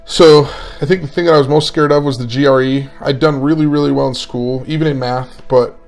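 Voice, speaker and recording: A man in his forties with a gravelly, creaky voice tells a story in a relaxed interview. He is animated and acts out both sides of the conversation as he goes. Faint music plays behind him. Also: mid-range voice, brisk. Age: 40s. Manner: animated storyteller, acting out dialogue. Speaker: guest, mental performance coach.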